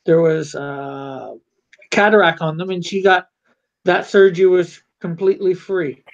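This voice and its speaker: A man's voice: high voice, steady tone, unhurried, creaky. A man chatting casually on a livestream, rambling with many fillers and restarts. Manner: rambling, hesitant, lots of fillers. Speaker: co-host of a live drawing stream. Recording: dull lo-fi stream audio.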